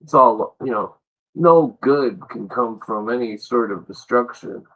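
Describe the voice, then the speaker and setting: A man's voice: medium pitch, a little slow, a bit bright, slightly rough, rough recording. A man hosting a livestream, delivering an angry, sarcastic political rant full of swearing. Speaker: livestream host.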